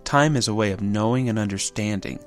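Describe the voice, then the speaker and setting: A man's voice: lowish voice, a little fast, soft background music. A man giving a reflective spoken essay, thoughtful and contemplative, who often poses rhetorical questions.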